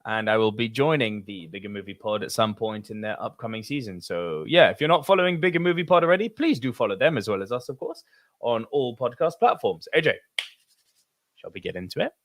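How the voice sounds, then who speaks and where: A man's voice: on the low side, animated, brisk, dry recording. A man from France co-hosting a podcast in casual chat, reading out listener messages, laughing and swearing easily. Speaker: podcast co-host.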